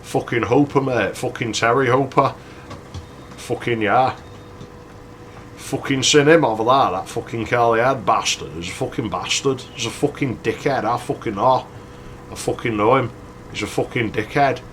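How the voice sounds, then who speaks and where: A man's voice: medium pitch, moderate pace, fairly bright tone, a little hiss or hum, lightly acted. A man voicing a drunk, belligerent young man, slurring, swearing and cadging cigarettes.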